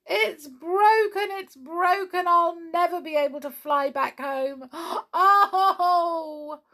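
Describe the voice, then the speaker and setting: A woman voicing a wailing witch in a storybook reading, high and shrill. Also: drawn-out words, a little mellow, full character voice. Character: wailing witch who broke her broomstick.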